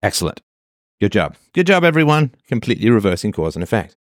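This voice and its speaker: Man, low voice, sarcastic solo commentary, mocking quoted voices, dry close recording. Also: big pitch swings, fast talker, no echo. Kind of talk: monologue commentary.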